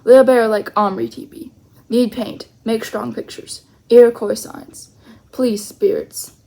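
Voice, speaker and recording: A woman's voice: a little high, fairly even intonation, unhurried, vocal fry, dark tone. A woman voicing a tiny stern warrior man. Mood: insistent. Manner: clipped broken speech, blunt and commanding. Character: tiny stern adult male warrior brought to life. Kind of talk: storybook read-aloud.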